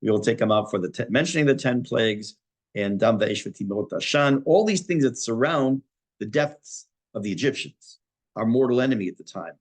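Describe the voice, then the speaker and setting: A middle-aged man, a rabbi giving a Torah class, talking thoughtfully many pauses and restarts. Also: mid-range voice, lively intonation.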